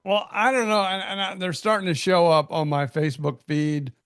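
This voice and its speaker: Male podcast co-host, gravelly, with a halting storyteller delivery and a dry, close sound. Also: sits high, no echo. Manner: halting, repeats words, animated storytelling. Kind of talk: casual chat.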